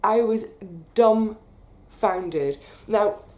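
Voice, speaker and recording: A British woman telling a personal story in a chatty, animated way, getting emotional as she recalls it. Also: medium pitch, very slow. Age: 30s. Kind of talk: casual storytelling monologue.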